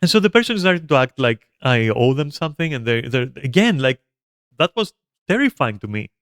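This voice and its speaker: A man streaming a game, telling a story casually, animated and profane, with lots of fillers and restarts. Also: mid-range voice, brisk, no echo, clean studio sound. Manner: animated, profane, frequent fillers and self-interruptions; chats to viewers and a pet between stories.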